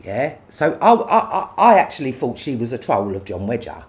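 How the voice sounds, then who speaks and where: A livestreamer in an angry, profane rant, firing off confrontational questions. The voice sits mid-pitch and leaps wildly up and down as the anger flares. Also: very animated, normal speed. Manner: profane, confrontational, repeats "yeah?".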